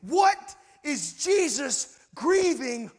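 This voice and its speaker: This pastor's sermon is impassioned and very animated, alternating shouts with quiet, hushed stretches. His voice is very high-pitched and his delivery very slow.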